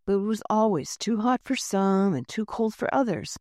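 A cheerful male furnace machine turned baker, proud of his muffins and eager to please, as a woman reading a storybook puts him on. The voice bounces lively with a warm, soft tone, recorded dry and close. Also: medium pitch, normal speed, no echo, natural voice.

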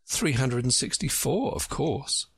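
A man reading a storybook aloud, voicing a polite, curious young girl with a raised, girlish pitch. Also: lively intonation, measured pace, breathy edge, no room sound, exaggerated voice.

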